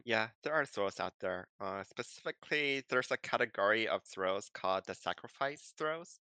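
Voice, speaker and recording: With a bright, crisp voice pitched a touch low, this podcaster chats at normal speed, explaining things casually with lots of ums and likes. The sound is close and dry.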